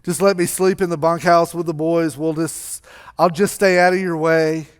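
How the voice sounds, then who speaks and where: A remorseful young son stumbles through an apology in a low, hushed, halting voice, as a preacher acts him out. He keeps restarting his words, softly and unsure. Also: fairly even intonation, clear, resonant tone, close to an everyday voice. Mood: sheepish.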